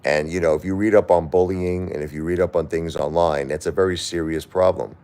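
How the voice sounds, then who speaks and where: A middle-aged man on a live stream, talking through grief and reading viewer comments, halting and repeating himself, at times crying. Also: low-pitched, fairly even intonation, mellow, smooth. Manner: halting, repeats words, grief-stricken and pleading. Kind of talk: emotional live-stream talk.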